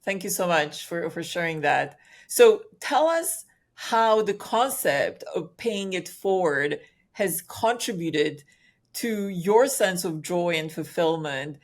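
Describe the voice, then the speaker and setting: Lady host, lowish voice, takes her time, says thanks then asks the next question. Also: expressive, slow. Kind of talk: interview.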